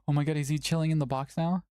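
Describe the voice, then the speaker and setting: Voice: medium pitch, fast, dark tone, smooth, no room sound, clean studio sound. A tournament stream host chatting casually and playfully, often cooing at a cat between updates. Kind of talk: casual livestream chat.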